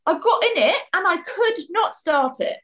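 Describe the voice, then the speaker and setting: A woman chatting as a podcast guest, opinionated and quick to laugh. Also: extremely high pitch, expressive, fairly bright tone, rough recording. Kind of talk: casual chat.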